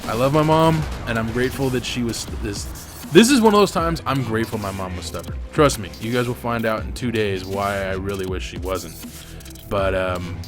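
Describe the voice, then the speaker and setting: Candid, cussing young man telling a story. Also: medium pitch. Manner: candid, swears freely, animated retelling. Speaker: gaming channel host. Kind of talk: storytelling over gameplay commentary. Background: faint background music.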